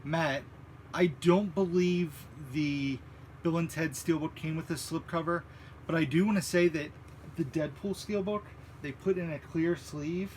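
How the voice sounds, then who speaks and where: A man co-hosting a movie live stream, chatting in a relaxed, hesitant way and reading out viewer questions. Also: a little high, unhurried, slight background noise.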